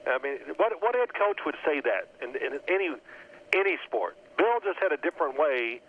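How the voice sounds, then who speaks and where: A man in his sixties, a former quarterback, telling lively football anecdotes and acting out his old coach's yelling. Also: a little high, moderate pace. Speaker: former NFL quarterback guest. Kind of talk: storytelling phone interview. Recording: tinny phone line.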